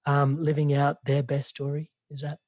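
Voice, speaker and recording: A male host asks his guest questions over a video call, rambling and restarting in his enthusiasm. His voice sits slightly high and sounds dry and close. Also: completely flat delivery, moderate pace, a little mellow, no room sound. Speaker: podcast host. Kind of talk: casual interview.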